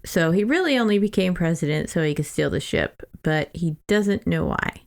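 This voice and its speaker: A woman's voice: fairly low pitch, expressive, moderate pace, gravelly. A young adult woman co-hosting a podcast, chatting casually as she sums up a book's plot with loose quoted asides. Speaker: podcast co-host. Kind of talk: casual book-club chat.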